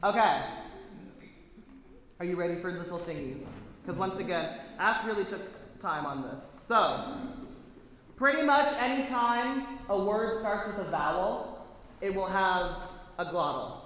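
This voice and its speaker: Guy running choir practice, high voice, talks through the score in detail, big echoey hall. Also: lively intonation, a little slow, a bit bright. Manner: chatty, detailed, self-correcting. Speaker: choir director. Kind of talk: choir rehearsal instruction. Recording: echoey hall, faint noise.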